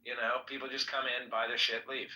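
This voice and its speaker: A man's voice: mid-range voice, level tone, brisk, bright, forceful tone, echoey room, distant mic, low-quality recording. A man in casual chat who talks about a slight lisp, chatty and self-conscious about his speech. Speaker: guest.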